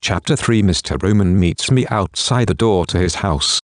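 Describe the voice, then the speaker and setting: A man narrating a first-person audiobook in an even, steady reading. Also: low-pitched, normal speed, no room sound, studio quality.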